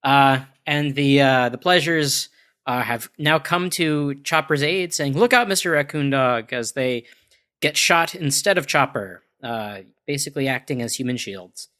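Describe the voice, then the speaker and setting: A man's voice: mid-range voice, a little slow, bright, forceful tone. A man co-hosting a podcast, recapping a comic in a wry, filler-heavy way. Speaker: podcast co-host.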